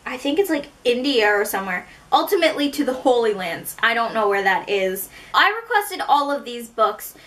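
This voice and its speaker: Canadian woman, book haul vlogger; high, bright voice; chatty, rambling, pokes fun at herself. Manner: chatty and rambling, with self-mocking asides. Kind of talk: casual book haul chat.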